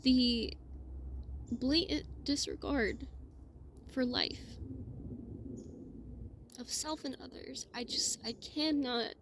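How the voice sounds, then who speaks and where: A woman talks slowly and emotionally in a personal monologue, her voice fairly high and sometimes sinking to a whisper. She sounds close to tears as she pours out her feelings. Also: steady tone, slight background noise. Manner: heartfelt, slow, drifting into soft whispers. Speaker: spiritual vlogger.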